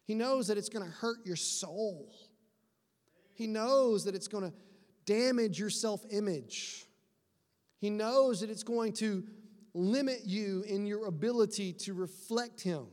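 A middle-aged man preaching a sermon in a church, talking in a conversational, animated way and acting out quotes. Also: sits high, slow pace. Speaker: pastor. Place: church sanctuary. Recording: long hall reverb.

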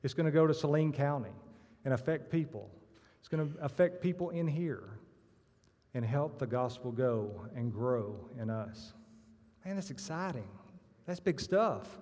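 A man's voice: mid-range voice, darkish tone. A man giving a sermon-style church talk, telling stories with acted punchlines. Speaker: church member giving testimony. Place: church sanctuary. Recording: long reverb of a church hall.

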